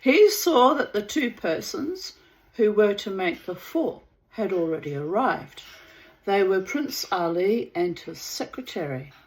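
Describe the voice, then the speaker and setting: A woman reading a story aloud in a measured way, lingering over words. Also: medium pitch, very animated, low-quality recording. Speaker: reader of a story.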